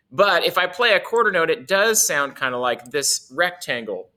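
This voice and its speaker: A man's voice: on the high side, expressive, a little slow, sharp tone, a little hiss or hum. A man teaching a casual music lesson, playful and chuckling often as he explains.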